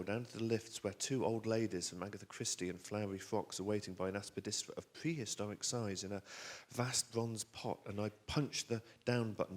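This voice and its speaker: A man with a southern English accent reading his own novel aloud on a theater stage. His reading is lively and wry, with asides to the audience. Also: lowish voice. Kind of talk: expressive reading of a novel excerpt. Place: theater stage at a bookstore event.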